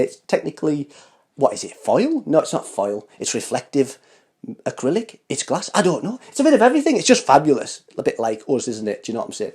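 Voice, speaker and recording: Guy hosting a fashion vlog, playful and camp, teasing his viewers, warm mellow voice. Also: a little high. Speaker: fashion show host. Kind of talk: casual chat to camera. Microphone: studio microphone with foam cover.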